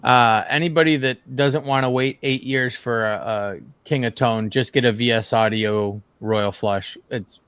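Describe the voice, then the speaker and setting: A man's voice: mid-range voice, fairly even intonation, measured pace, a bit bright, clean tone, no room sound. A man who plays guitar in a band, a guest in a casual gear chat who tells rambling, easygoing stories. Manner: easygoing, rambling storyteller with fillers.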